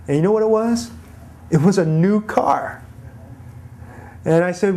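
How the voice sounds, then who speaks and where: A male pastor telling a personal story in an easy, conversational way, building to an encouraging call to share. His voice sits a little high with a warm, mellow tone. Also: lively intonation, a little slow, pauses often. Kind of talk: storytelling church message.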